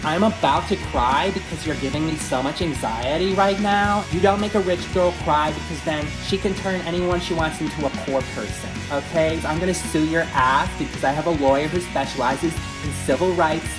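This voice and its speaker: A man's voice: fairly high pitch, normal speed, hardly any pauses, over music, close to an everyday voice, low-quality recording. A man voicing a spoiled, entitled rich young woman with a Californian Valley girl accent, whiny and full of uptalk. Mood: indignant.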